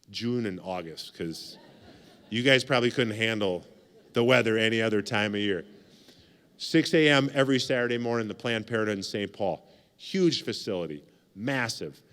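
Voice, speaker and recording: A man's voice: fairly low pitch, smooth, big-room sound. A man in his forties from the United States giving a casual, joking keynote speech at a banquet, repeating phrases for emphasis. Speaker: keynote speaker. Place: banquet hall.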